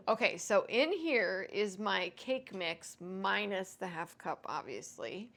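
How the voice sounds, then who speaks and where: A woman's voice: mid-range voice, expressive, slow, a bit bright. A woman hosting a home cooking vlog, chatting casually and self-deprecatingly to viewers as she cooks. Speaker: home cooking show host.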